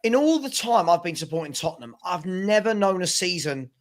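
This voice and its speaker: A man's voice: sits high, very animated, a little fast. A man co-hosting a casual football fan podcast, talking in an exasperated way with rhetorical questions. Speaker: podcast co-host.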